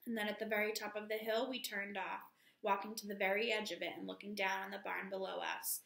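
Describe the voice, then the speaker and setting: A woman teacher reads a novel aloud at a steady pace, calling out page numbers as she goes. Her voice is bright with a gravelly edge. It rings in an echoey room. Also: medium pitch, fast. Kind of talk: reading a novel aloud to a class.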